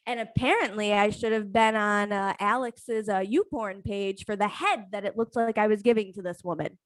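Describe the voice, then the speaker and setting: A young adult woman telling a comic personal story on a live stream, profane, animated and self-mocking. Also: mid-range voice, normal speed, no room sound.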